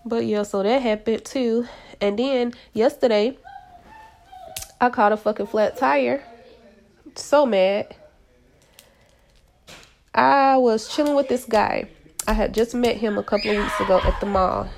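Brief: middle-aged woman, solo home podcast host, blunt and profane, a gravelly rasp to her voice. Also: on the high side, unhurried, long pauses, darkish tone, slight background noise. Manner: profane, blunt storytelling with slang. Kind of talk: casual solo podcast rant. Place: at home, kids in hallway.

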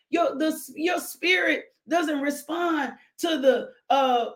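Fervent woman preacher whooping with joy. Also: high voice. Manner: exuberant, shouting joyful whoops; sips coffee while talking. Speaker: devotional podcast host.

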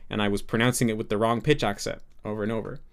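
A man's voice: on the low side, steady tone, very fast, clear, resonant tone. A young man as a podcast guest, explaining earnestly and thinking aloud in a casual interview.

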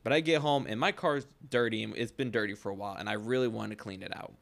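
A man's voice: fairly low pitch, quick pace, creaky, a bit bright. A young man co-hosting a podcast, telling a long, rambling story in casual chat, filled with "like" and frequent swearing. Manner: rambling anecdote, heavy use of "like", frequent swearing. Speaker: podcast co-host.

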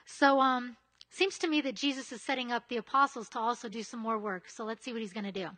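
Chatty high-voiced woman preaching. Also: steady tone, quick pace, pushed and bright. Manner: conversational, chatty asides, often asks "right?". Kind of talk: casual sermon.

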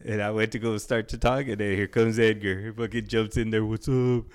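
A man's voice: fairly low pitch, level tone, smooth. A young man co-hosting a podcast, teasing his friend with profane, casual humor. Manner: teasing, profane, quick to laugh. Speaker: podcast co-host. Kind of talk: casual banter.

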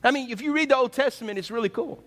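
A man preaching a sermon as pastor, animated and conversational, asking his listeners questions. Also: extremely high pitch, very fast.

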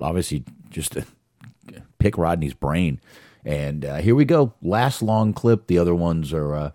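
A man's voice: a bass voice, a little mellow, dry recording, clean studio sound. A man casually commenting on clips he plays, chatty and full of fillers. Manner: chatty, filler-heavy narration. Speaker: host reacting to clips.

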